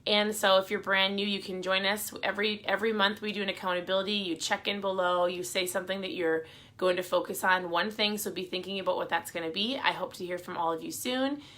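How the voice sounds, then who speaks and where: A woman's voice: mid-range voice, fairly even intonation, quick pace, fairly bright tone. A middle-aged woman giving upbeat, encouraging motivational advice in a casual, chatty talk to her viewers.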